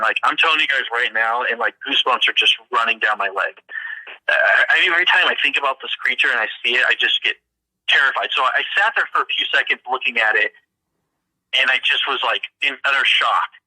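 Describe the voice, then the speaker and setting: Earnest man with a bright, sharp voice. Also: medium pitch, no room sound, poor audio. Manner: earnest, halting, repeats words as he goes. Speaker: witness recounting an encounter. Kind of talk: casual first-person storytelling.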